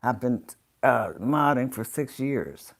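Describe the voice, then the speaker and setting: A woman's voice: rumbling low, animated, slow pace. A woman hosting a casual livestream, chatting with her viewers and greeting them by name, her voice a little congested. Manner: chatty, talks to chat viewers. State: congested sinuses. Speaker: livestream host.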